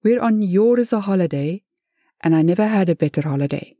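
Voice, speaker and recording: A stubborn rich man with a German accent, as a woman storyteller puts him on, curt and childish in his replies. The voice is dark and husky, recorded close and dry. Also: mid-range voice, expressive, a little fast, no room sound, pitched above the performer's own voice, lightly acted.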